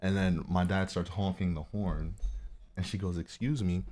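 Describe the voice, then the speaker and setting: A man co-hosting a casual podcast, telling a story with lots of laughs and sudden high-pitched exclamations. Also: moderate pace. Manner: animated storyteller, laughs often, breaks into high squeals. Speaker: podcast co-host. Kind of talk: casual chat. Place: New Jersey.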